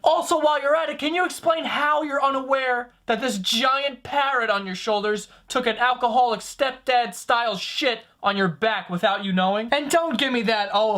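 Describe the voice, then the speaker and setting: A man's voice: very high-pitched, sharp tone. A man doing a comedic roast voice-over, profane, sarcastic and mocking. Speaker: comedy commentator.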